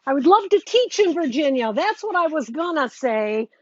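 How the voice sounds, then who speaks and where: A woman's voice: high-pitched, very animated, normal speed. A woman teaching quilting in a live demonstration, chatting casually as she works and greeting viewers. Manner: chatty, talks while working, greets viewers. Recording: dull lo-fi sound with faint noise.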